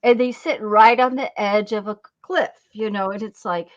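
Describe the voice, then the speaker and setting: A woman's voice: mid-range voice, steady tone, moderate pace, hardly any pauses. A woman hosting a casual crafting live stream, telling stories in a rambling way with lots of fillers and restarts. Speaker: craft channel host. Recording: dull lo-fi sound.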